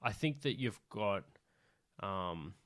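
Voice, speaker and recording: Low-voiced man hosting a comedy podcast. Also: animated, takes it slowly, a bit bright. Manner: rambling, filler-heavy, self-correcting. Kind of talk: casual chat. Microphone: moves on and off the mic.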